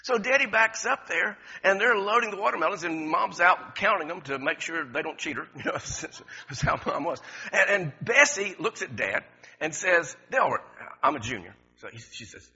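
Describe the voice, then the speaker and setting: This sermon comes from a middle-aged pastor whose slightly rough voice sits on the high side, at a normal speed. He's lively and storytelling, repeating words and chuckling often, captured in a dull lo-fi recording with a big-room sound.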